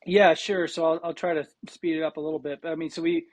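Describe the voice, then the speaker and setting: Male guest, 40s, from South Dakota; slightly raised pitch, dry close mic, animated storyteller. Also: fast talker, no room sound. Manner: animated, frequent restarts and quoted dialogue. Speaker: guest, cancer survivor. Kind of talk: casual storytelling interview.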